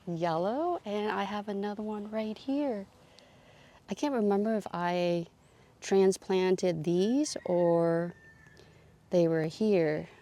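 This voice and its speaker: Woman strolling her garden on a phone cam, talks slow and easy, lowish voice. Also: vocal fry, warm tone. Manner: slow, chatty, thinking aloud with fillers. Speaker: gardening vlogger. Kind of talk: casual garden tour narration. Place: outdoor garden.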